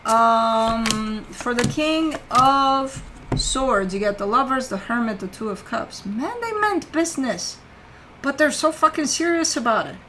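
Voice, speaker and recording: A woman's voice: a little high, lively intonation, measured pace, pushed and bright, slight background noise, rough recording. A woman giving a casual weekly tarot reading as the host, swearing freely and chatting loosely as she lays out cards. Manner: swears casually, talks to her pet between cards. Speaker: tarot reader.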